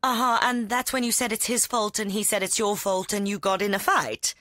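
A woman playing a teasing, caring middle-aged aunt in a dubbed TV drama, with a wry, gently mocking manner. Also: mid-range voice, fairly even intonation, a little fast, dry recording, studio quality, natural voice.

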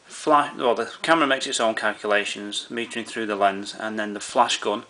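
A camera tutorial presenter talks through menu settings step by step in a relaxed manner, full of fillers and restarts. His voice is fairly low and fairly even in intonation, a bit fast, with a bright, forceful tone.

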